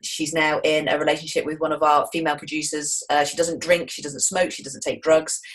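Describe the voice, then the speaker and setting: A woman's voice: sits low, little pitch movement. A middle-aged English woman with a Midlands accent, talking enthusiastically and jokily as a guest in an interview. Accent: Wolverhampton, English Midlands. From England. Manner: enthusiastic, jokey, quick to put on voices in anecdotes. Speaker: author and screenwriter guest. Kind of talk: animated interview talk.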